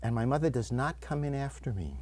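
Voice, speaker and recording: Animated male storyteller. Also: mid-range voice, a little fast, breathy edge. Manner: animated, acts out quoted voices, shouts and whispers. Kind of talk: live storytelling. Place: community TV studio.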